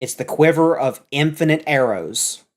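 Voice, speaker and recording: A man's voice: on the high side, animated, moderate pace. A man running a tabletop game as dungeon master, explaining item rules at length and correcting himself as he goes.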